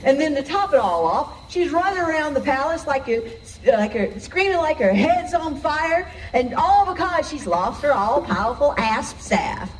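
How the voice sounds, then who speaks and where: A fairly high-voiced, weary palace onlooker who recaps the chaos around her with dry sarcasm, as a woman plays her on stage. Her delivery is wry and put-upon, in the manner of a live stage show. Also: big pitch swings, moderate pace, few pauses, slight background noise, low-quality recording.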